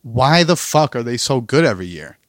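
A man's voice: medium pitch, very animated, normal speed, no echo, studio quality. A young man from New Jersey with a Jersey accent, co-hosting a podcast in loose, swearing chat with friends. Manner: loose, swearing, laughs often. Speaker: podcast co-host. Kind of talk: casual chat.

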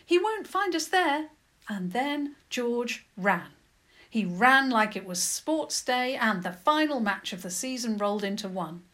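Expressive woman reading a children's story. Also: fairly high pitch, measured pace.

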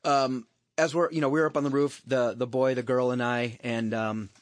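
A man's voice: medium pitch, fairly even intonation, moderate pace, no room sound. A middle-aged man telling a personal story on a podcast, candid and rambling, swearing freely and restarting his sentences. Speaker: podcast host. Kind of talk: casual storytelling chat.

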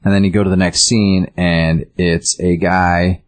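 A man's voice: low voice, flat delivery, measured pace. A man co-hosting a casual comic book chat, rambling through a story summary with many restarts. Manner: rambling, restarts often, loose summary with quoted lines. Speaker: comic book show co-host.

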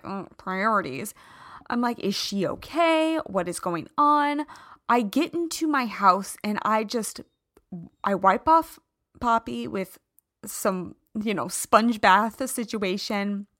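A woman's voice: mid-range voice, animated, unhurried, fairly bright tone, no room sound, studio quality. A woman hosting a podcast, telling a personal story in a candid, emphatic, confessional way. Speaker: podcast host.

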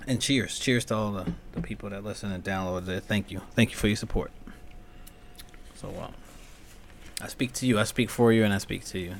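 A man hosting a solo podcast, talking in a rambling, profane way that swings from muttering to loud, high-pitched ranting. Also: a little fast, long pauses, slight background noise. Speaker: podcast host.

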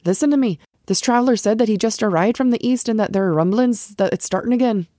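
A woman's voice: a little high, fast talker, mellow, no room sound, clean studio sound, pitched above the performer's own voice, lightly acted. A woman reading the part of an anxious village man who insists on his warning. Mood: urgent. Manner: urgent, pleading.

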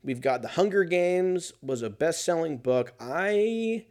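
A man's voice: fairly high pitch, animated, slow, darkish tone. A man talking alone in a casual monologue as a podcast host, rambling and swearing and often laughing.

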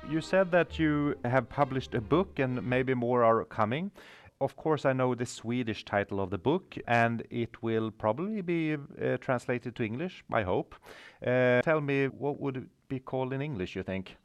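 A man hosting a podcast interview, asking calm questions. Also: mid-range voice, normal speed, clear, resonant tone. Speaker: podcast host.

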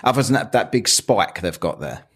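Man, podcast host, lowish voice, blunt, ranting, casual chat. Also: very animated, normal speed, a bit bright, husky.

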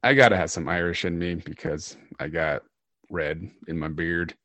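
A man's voice: low-pitched, moderate pace, bright, forceful tone, dry recording. A man co-hosting a podcast, chatting casually and rambling as he searches for words. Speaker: podcast co-host. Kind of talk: casual chat.

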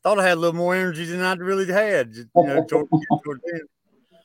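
A man's voice: high voice, quick pace. A man who makes moonshine chatting casually, explaining his process in plain, easygoing terms. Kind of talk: casual podcast chat.

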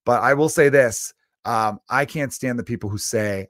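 Low-voiced man ranting on a podcast. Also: moderate pace, fairly bright tone, dry recording, clean studio sound. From Chicago, United States. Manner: profane, exasperated ranting with sarcastic mock voices. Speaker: comedian podcast host. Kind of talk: ranting comedy podcast monologue.

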